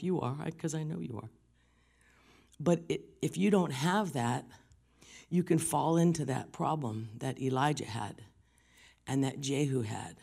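A woman's voice: extremely low pitch, creaky, a little mellow, breathy edge. A woman preaching a sermon, telling personal stories and often dropping her voice to a whisper.

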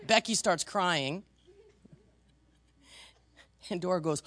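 A pastor preaching a sermon in a conversational, animated storytelling manner, self-deprecating and lively. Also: mid-range voice, slow, gravelly, pauses often, no echo.

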